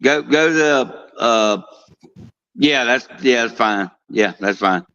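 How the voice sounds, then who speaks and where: A man's voice: medium pitch, slow pace, sharp tone. A man who works at a cigar plant, chatting casually, often restarting and trailing off mid-thought. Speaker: guest, cigar plant worker. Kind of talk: casual chat. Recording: dull lo-fi sound.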